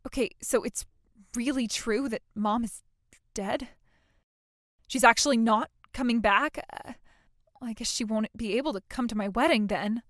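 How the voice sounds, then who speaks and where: A woman's voice: a little high, normal speed, long pauses, dry recording, studio quality, lightly acted. A woman voicing a self-absorbed young bride who talks in a whiny, stammering, demanding way, in a dramatized text-message story. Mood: dazed.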